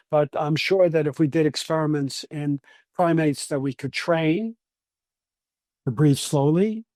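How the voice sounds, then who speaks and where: Brooklyn scientist guest, fairly high mellow voice, dry close sound, lecturing patiently. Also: male voice, no room sound. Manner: patient, lecturing, with frequent restarts. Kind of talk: explanatory interview answers.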